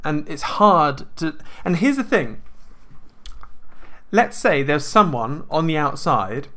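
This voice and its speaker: A host delivers a casual monologue in a fairly high, slow male voice. He's animated, poses rhetorical questions, and acts out what other people would say.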